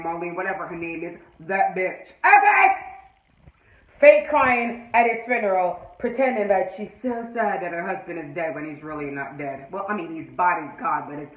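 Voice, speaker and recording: A woman with a Jamaican accent reviewing a TV episode in a lively, profane, ranting way that breaks into shouts. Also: mid-range voice, roomy sound, low-quality recording. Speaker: TV show reviewer. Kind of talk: casual video review.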